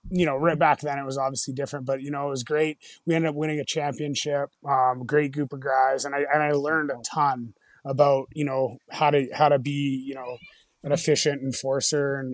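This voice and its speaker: A man's voice: medium pitch, no echo, clean studio sound. A middle-aged man, a former hockey player, telling road-trip stories in a rambling, casual way, full of "like" and "you know", swearing and then apologizing. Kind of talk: casual storytelling.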